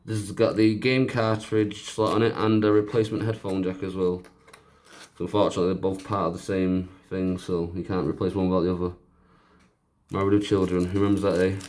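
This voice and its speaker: A man with a fairly low voice talks a viewer through fixing a handheld console. He keeps up a loose, joking commentary full of self-mocking asides as he works. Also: darkish tone, a little hiss or hum. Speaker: repair video host. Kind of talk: casual narrated repair tutorial.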